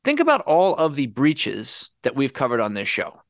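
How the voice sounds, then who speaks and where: A man's voice: medium pitch, normal speed, no room sound, studio quality. A man hosting a podcast in a casual chat, wry and sarcastic as he sets up the topic. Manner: wry, sarcastic, lively delivery. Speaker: podcast host.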